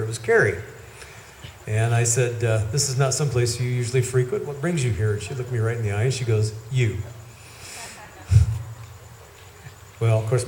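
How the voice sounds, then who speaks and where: A man's voice: medium pitch, a little mellow, slight background noise. A middle-aged man with a head cold, giving a rambling, anecdotal eulogy at an outdoor gathering. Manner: rambling anecdotal storytelling with self-corrections. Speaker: eulogy speaker. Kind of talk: storytelling eulogy. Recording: echoey with faint ambience.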